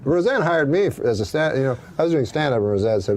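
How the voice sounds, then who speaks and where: A man telling a joke story on a talk show, dry and halting, with small chuckles and restarts. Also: medium pitch, animated, darkish tone. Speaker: comedian.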